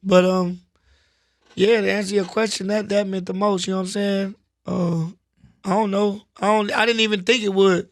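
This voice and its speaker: A man talking casually in an interview, relaxed and slangy, often saying "you know what I'm saying.". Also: high-pitched, normal speed, no echo, studio quality. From Los Angeles, US. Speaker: rapper guest. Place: studio.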